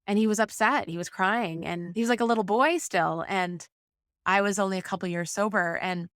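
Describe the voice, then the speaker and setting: A woman's voice: mid-range voice, a little fast, a bit bright, no room sound, clean studio sound. A woman in her forties, a podcast guest, talking candidly about parenting and sobriety, rambling with frequent restarts and fillers. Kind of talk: conversational interview.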